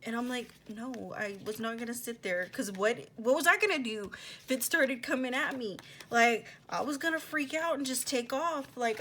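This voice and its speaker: A woman's voice: a little high, moderate pace, a little hiss or hum. A young woman vlogger chatting casually at home, animatedly retelling a story with lots of "like" and quoted back-and-forth. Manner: drops to a soft near-whisper while working. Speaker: planner vlogger. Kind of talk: casual storytelling while decorating a planner.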